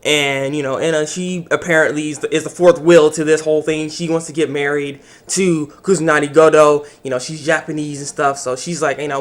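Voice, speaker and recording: A young man giving a casual anime episode review, animated and acting out the characters' lines. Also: fairly high pitch. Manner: animated, acts out the characters' lines in quick voices.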